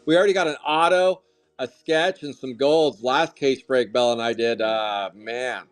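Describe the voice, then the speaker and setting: Loud, excitable card-break host man. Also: medium pitch, normal speed. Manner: loud, excitable, jokey hype. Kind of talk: live-stream card break commentary. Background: faint music.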